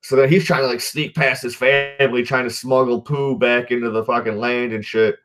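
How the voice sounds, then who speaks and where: Faint music plays behind a man whose medium-pitched, fairly bright voice keeps fairly even intonation at a moderate pace. He's hosting a podcast, casually recapping a movie in a profanity-heavy ramble full of "dude" and "like," frequently stopping to correct himself.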